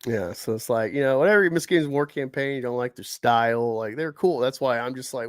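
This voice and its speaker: A man's voice: medium pitch, a little fast, few pauses, no room sound, clean studio sound. A man hosting a casual live stream, talking in a rambling way with many fillers and restarts. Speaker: streamer host.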